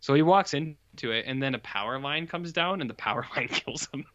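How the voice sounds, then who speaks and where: Podcast cohost guy, bright tone, a bit dull sounding lo-fi mic, rambles on. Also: medium pitch, fairly quick, no echo. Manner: rambling, animated retelling with put-on quotes. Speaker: podcast co-host reviewing horror films. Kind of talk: casual chat.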